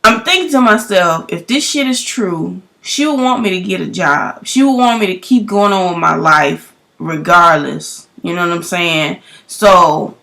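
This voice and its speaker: A young woman, telling a story in a loud, profane vlog rant full of emphatic rhetorical questions. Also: on the low side, a little slow, creaky. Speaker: vlogger.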